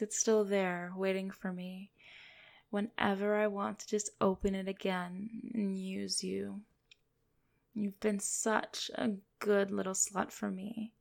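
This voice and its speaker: A woman speaking in a commanding, teasing way for an erotic hypnosis role-play, breaking into soft low laughs. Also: vocal fry. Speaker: dominant hypnotist persona.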